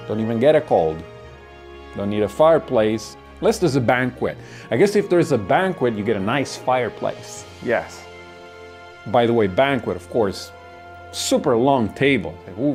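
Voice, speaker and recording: A man's voice: medium pitch, a little mellow. A man delivering a comic monologue, ranting with lots of swearing and acted-out asides.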